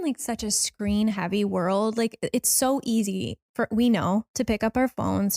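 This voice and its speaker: A woman co-hosting a relaxed podcast chat. She talks with eager enthusiasm, and her sentences wander and fill up with "like". Her pitch sits in the middle of the range. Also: gravelly. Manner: enthusiastic, rambling, lots of fillers. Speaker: podcast producer and co-host. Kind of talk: casual chat.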